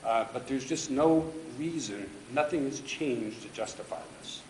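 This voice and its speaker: A man's voice: mid-range voice, a little slow, a little hiss or hum. A man giving public comment at a city council meeting, pressing pointed objections with emphasis. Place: council chamber. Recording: echoey council chamber.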